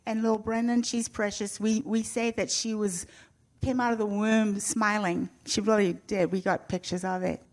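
An older woman speaks to a church congregation about her faith. Her voice sits at an ordinary pitch for a woman. She talks in an earnest, heartfelt way and slips in gentle humor now and then. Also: level tone, normal speed. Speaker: guest speaker sharing a faith testimony. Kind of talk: personal testimony to a church audience.

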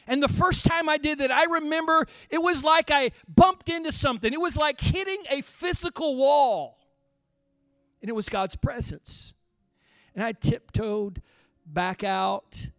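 A middle-aged male pastor with a strikingly high voice preaches with passion, sinking to near-whispers and then climbing to full shouts. The sound is close and dry, with faint music underneath. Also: normal speed, clear, resonant tone, dry recording. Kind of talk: sermon.

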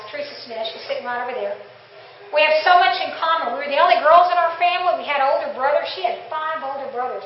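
High-voiced woman, distant in an echoey hall. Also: a little hiss or hum. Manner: chatty, laughing, acts out inner dialogue. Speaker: testimony speaker. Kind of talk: church testimony talk. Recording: distant, echoey, dull church room.

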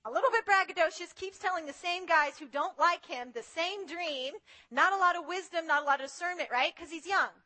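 A woman preaching a sermon in an animated way, acting out the voices she quotes. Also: very high voice, moderate pace.

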